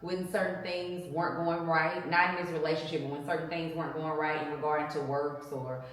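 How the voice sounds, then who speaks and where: Woman telling a faith testimony, earnest and emphatic, lowish voice, distant mic in a very echoey room. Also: flat delivery, fairly quick. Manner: earnest, emphatic storytelling with religious fervor. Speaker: guest sharing marriage testimony. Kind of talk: casual testimony chat.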